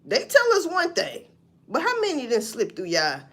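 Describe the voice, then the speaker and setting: A woman's voice: high voice, moderate pace. A woman hosting a live stream, reading news items aloud and reacting with profane, mocking commentary. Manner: animated and profane, mocking news quotes, laughing, swinging from loud to mutter. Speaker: livestream host.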